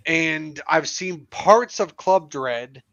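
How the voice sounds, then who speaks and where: A man's voice: fairly high pitch, lively intonation, takes it slowly, fairly bright tone, dry recording, highs cut off. A man co-hosting a livestream podcast, talking in blunt, exasperated casual chat and swearing freely. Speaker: podcast co-host.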